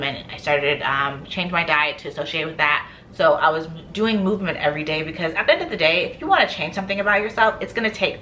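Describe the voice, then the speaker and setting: A woman's voice: fairly low pitch, sharp tone, a little hiss or hum. A woman vlogger chatting casually about her skincare, laughing often and acting out stories. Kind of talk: casual chat.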